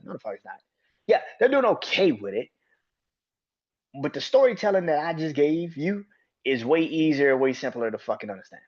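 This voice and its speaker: A man's voice: mid-range voice, very animated, brisk. Male podcast host, mid-range voice, profane exasperated ranting, slightly muffled lo-fi recording. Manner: ranting, heavy swearing; exasperated rhetorical questions. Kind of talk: solo wrestling commentary podcast.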